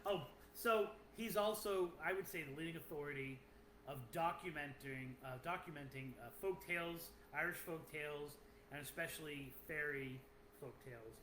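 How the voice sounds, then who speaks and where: A man's voice: a little high, moderate pace, fairly bright tone. A man with a Boston accent co-hosting a podcast, chatting casually, joking and often cutting in. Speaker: podcast co-host. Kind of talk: casual chat. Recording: echoey room with faint noise.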